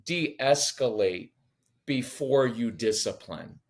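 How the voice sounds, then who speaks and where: Man, podcast guest, animated, lively delivery, conversational teaching. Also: medium pitch, slow pace. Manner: animated, acts out quoted voices, jokes.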